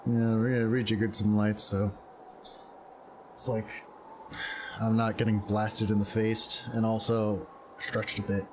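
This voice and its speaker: A young man giving casual, jokey commentary while streaming a game from his room, with sudden excited yelps and laughs. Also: on the low side, unhurried, pauses often, a little hiss or hum. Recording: game music behind.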